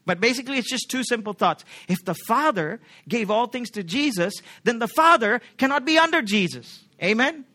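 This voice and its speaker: Male pastor, high bright voice, emphatic sermon delivery, keeps checking in with the congregation. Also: lively intonation, normal speed, hardly any pauses. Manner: emphatic, asks the congregation rhetorical questions.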